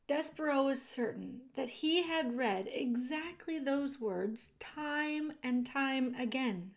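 A woman reading a children's book aloud chapter by chapter, in an expressive way that speaks directly to the listener. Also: a little high, a little slow. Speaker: storyteller.

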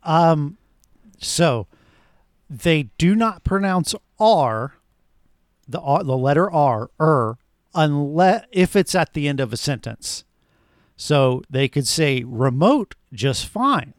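Brief: male podcast co-host, measured and explanatory, a bit high-pitched, dry close mic. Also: expressive, no echo. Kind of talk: casual chat.

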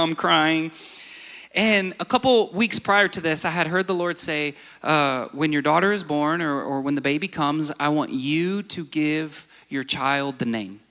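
Young guy preaching, kinda high voice, long echo like a church hall. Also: normal speed, pushed and bright. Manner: storytelling, builds to emphatic exhortation. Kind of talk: sermon. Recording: reverberant hall.

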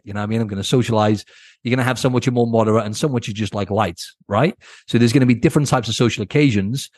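A man's voice: mid-range voice, rapid-fire, no room sound, clean studio sound. A man hosting his own podcast as a coach, giving blunt, casual advice and often checking in with "right?". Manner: blunt, casual, keeps asking "right?", swears. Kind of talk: solo podcast advice talk.

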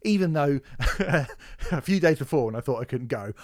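A man's voice: mid-range voice, animated, normal speed, a little mellow, dry recording, studio quality. A young man co-hosting a podcast in casual chat, swearing freely and rambling through fillers and restarts. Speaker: podcast co-host.

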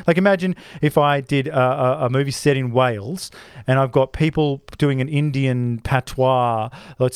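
A man's voice: medium pitch, smooth, dry recording. A man co-hosting a podcast, ranting in an opinionated casual chat with many restarts and asides. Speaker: podcast co-host.

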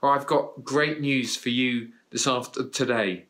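A man's voice: medium pitch, fairly even intonation, a little slow, fairly bright tone. A man preaching a sermon, earnest and encouraging, his voice rising and dropping for emphasis. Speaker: pastor.

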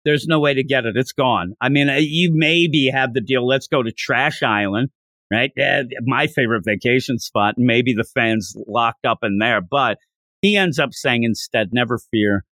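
A man hosting a podcast, recapping a manga chapter in a jokey, animated way. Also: mid-range voice, normal speed, no room sound, clean studio sound. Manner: animated, jokey, laughs while retelling. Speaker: podcast host.

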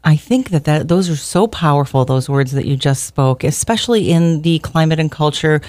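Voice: medium pitch, animated, moderate pace, darkish tone, dry recording. A fifty-year-old interview host asking rambling, affirming questions with fillers in a studio. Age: 50s.

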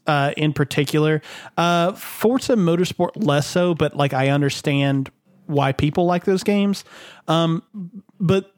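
A man's voice: on the high side, no room sound, studio quality. A young man in casual gaming talk, rambling with lots of "like" and swearing. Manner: rambling, full of fillers and swearing. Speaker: podcast co-host.

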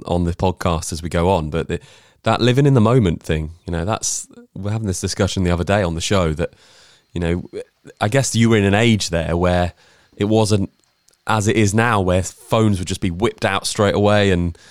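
A man's voice: low voice, normal speed, a little mellow, dry recording, studio quality. A man hosting a podcast, asking long, friendly questions in a casual chat. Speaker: podcast host.

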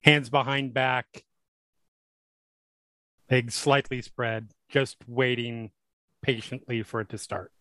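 A man playing a tabletop game, calmly describing what his character does. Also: medium pitch, takes it slowly, long pauses, dry recording. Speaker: player. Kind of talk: casual tabletop game play.

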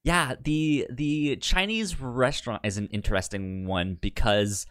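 A man's voice: medium pitch, unhurried, a bit bright, no echo, clean studio sound. A man co-hosting a podcast, chatting casually in a rambling way, often restarting words and laughing. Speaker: podcast co-host. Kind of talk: casual chat.

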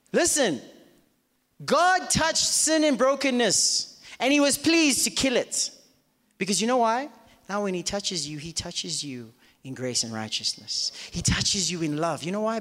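A man's voice: sits high, a bit bright. A male pastor preaching a sermon to a live congregation, firing rhetorical questions at them and acting out their doubts in quoted voices. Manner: acts out listeners in quoted voices. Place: church auditorium with live congregation. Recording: reverberant church hall.

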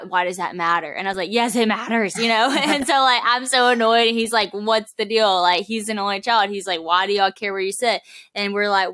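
A woman's voice: medium pitch, a bit bright, no echo. A young woman in her twenties, a podcast guest, talking in a chatty, earnest way with many fillers and quoted asides. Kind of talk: casual podcast conversation.

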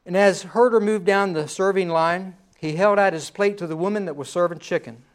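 A man's voice: high-pitched, brisk, clear, resonant tone. A male pastor preaching a sermon in a conversational way, often repeating phrases and checking in with "right?".

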